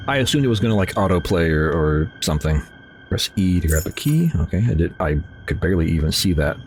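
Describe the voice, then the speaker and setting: A let's play host with a low, very animated voice talks fast while playing a horror game, sounding a little mellow and slightly nasal after a sneeze. He rambles, jokes at his own expense, and talks back to the game, with slight background noise.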